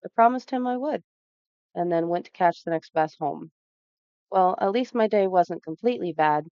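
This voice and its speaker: A woman narrating a story game aloud in an even, storytelling delivery. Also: on the low side, no room sound, lo-fi sound. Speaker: let's play narrator.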